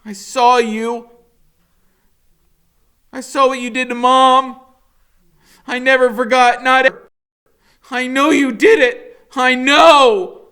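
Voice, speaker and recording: A man voicing a desperate teenage boy who shouts frantically. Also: extremely high pitch, steady tone, takes it slowly, long pauses, smooth, pitched above the performer's own voice, full character voice. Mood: frantic.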